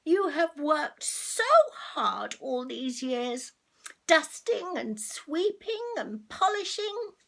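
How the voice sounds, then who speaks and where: A woman's voice: high-pitched, exaggerated voice. An older woman voicing a school headmistress giving a formal, emphatic farewell speech in a storybook read-aloud.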